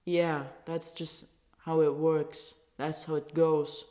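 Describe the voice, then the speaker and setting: A woman's voice: sits low, little pitch movement, slow pace, dark tone. A woman from Turkey, a native Turkish speaker, ranting in English with heated, profane talk and stumbling restarts. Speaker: vlogger. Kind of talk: angry casual rant.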